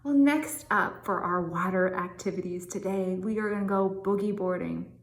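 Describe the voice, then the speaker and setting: A woman leading a laughter yoga session, reading scripture softly and calmly, then breaking into bursts of laughter and chanted ha-ha sounds as she guides the group. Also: medium pitch, echoey room. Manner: soft slow calm reading voice for scripture.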